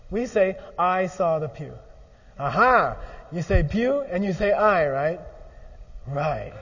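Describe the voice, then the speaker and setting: Animated male lecturer in an echoey hall. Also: sits high. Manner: animated, often checks in with 'okay?'. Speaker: teacher. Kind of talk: lively philosophy lecture. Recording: muffled recording in a large echoey hall.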